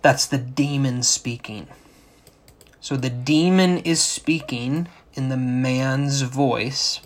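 Pastor guy going through scripture real slow, checks in with the crowd, right?. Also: mid-range voice. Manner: slow, explanatory, asks rhetorical questions. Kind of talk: sermon.

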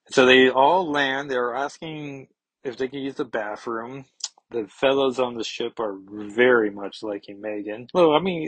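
A man rambles through a casual comic book review, full of fillers and joking asides. His voice is husky and recorded dry, close to the mic with no room echo. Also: mid-range voice.

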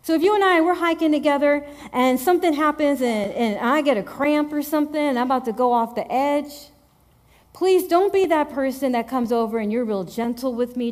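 A woman delivers a sermon in a lively, emphatic and conversational way. Her voice sits a little high, and she drives home her points by repeating phrases. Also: a little fast. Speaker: preacher.

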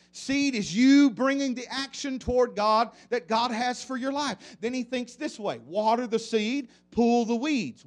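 A man preaching a sermon in church, leading the congregation in repeated call-and-response refrains. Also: extremely high pitch.

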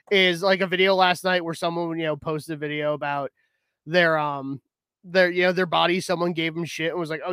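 A man's voice: high-pitched, fairly bright tone, clear, resonant tone, dry recording. A man in casual podcast chat, rambling through his story with restarts and hesitations.

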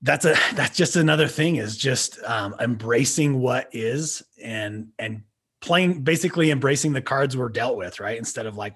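A man's voice: mid-range voice, normal speed, fairly bright tone, breathy edge. A man hosting an interview, asking questions and affirming his guest with rambling restarts. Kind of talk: casual interview chat.

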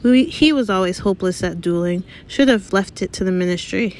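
A woman voicing a stern, brisk older female professor in an audiobook, clipped and proper in manner. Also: medium pitch, darkish tone, a little hiss or hum, natural voice. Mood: rueful.

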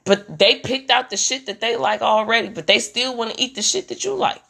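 Young mom ranting, bright high voice, super animated and cussing. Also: female voice, a little fast, gravelly. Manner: animated, profane, swings into mimicked voices. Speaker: comedian ranting about motherhood. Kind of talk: comedic rant.

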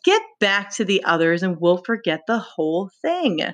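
A woman voicing a taunting, sinister male pig's-head beast in a dramatic read-aloud, slow and deliberate. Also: medium pitch, big pitch swings, lightly acted. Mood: taunting menace. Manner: mocking, menacing, slow and deliberate.

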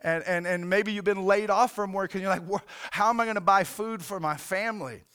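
Earnest high-voiced pastor preaching. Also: male voice, steady tone, fairly bright tone, clear, resonant tone. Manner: earnest, halting, repeats words, says "man" often. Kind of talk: sermon.

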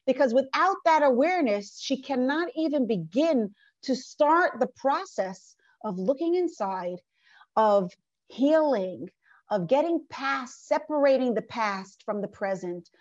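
Earnest high-voiced woman teaching a class. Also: darkish tone, dry recording, dull audio. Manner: earnest, rhetorical questions, conversational asides. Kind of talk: lecture from a workbook.

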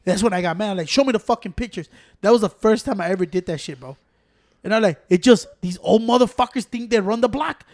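A man's voice: sits high, quick pace, darkish tone. A man, ranting heatedly and profanely in casual podcast chat.

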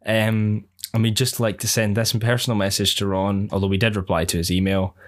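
A man's voice: lowish voice, little pitch movement, fairly quick. A man co-hosting a casual podcast, talking in a rambling, hesitant way with many fillers. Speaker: podcast co-host. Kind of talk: casual chat.

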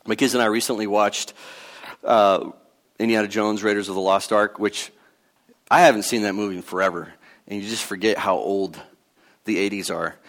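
A man's voice: lowish voice, fairly even intonation, normal speed, long pauses, a bit bright. A man in his thirties preaching a sermon in an earnest, conversational way, with casual asides. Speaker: pastor.

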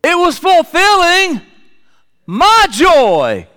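High-voiced preacher in a reverberant hall. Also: male voice, wildly swooping pitch, extremely slow. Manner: swings from loud high exclamations to low quiet asides. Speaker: pastor. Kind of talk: sermon.

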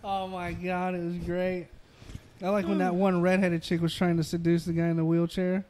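A young man on a podcast, talking loud and crude with a fairly high voice. He laughs a lot and acts out funny movie scenes. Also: monotone, normal speed. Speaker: podcast co-host. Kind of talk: casual podcast banter.

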